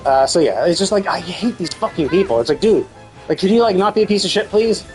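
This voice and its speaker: A man with a high voice vents at length while streaming a game, exasperated and swearing freely. His talk is loose and full of fillers. Faint music plays underneath. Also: lively intonation, fast, darkish tone. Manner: exasperated profane ranting. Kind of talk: live gameplay commentary.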